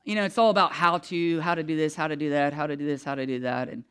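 A man's voice: a little high, steady tone, quick pace, a bit bright, clean tone. A man preaching a sermon in a candid, conversational way, full of asides and fillers, who gets emotional as he speaks. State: emotional, voice catching. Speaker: pastor.

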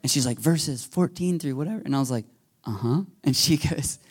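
A man preaching a sermon as pastor, telling a story with lively quoted voices and sometimes dropping to a whisper. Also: mid-range voice, brisk, slightly rough. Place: church sanctuary.

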